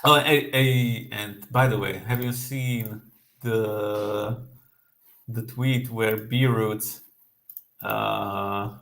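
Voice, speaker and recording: A man's voice: on the low side, fairly even intonation, very slow, creaky, fairly bright tone. A man co-hosting a casual crypto chat, blunt and profane, often restarting his sentences. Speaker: co-host.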